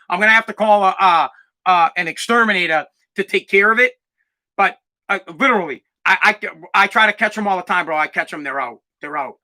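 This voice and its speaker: This young podcast host has a sharp voice pitched on the high side. His casual storytelling is loud-mouthed and emphatic, packed with swearing.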